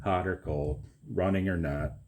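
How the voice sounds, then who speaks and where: A middle-aged man with a very deep, low voice rambles on to his viewers in a loose, chatty monologue. He takes his time, drawing the words out slowly, and sprinkles in swearing and jokes at his own expense. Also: fairly even intonation, darkish tone. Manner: chatty, profane, self-mocking. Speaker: video maker.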